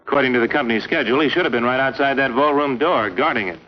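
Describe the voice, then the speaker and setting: A man's voice: medium pitch, very fast, lightly acted. A man playing a hard-nosed insurance investigator who keeps needling a suspect, in a 1950s radio drama. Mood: accusing. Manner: pushy, needling interrogation. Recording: dull lo-fi 1950s recording.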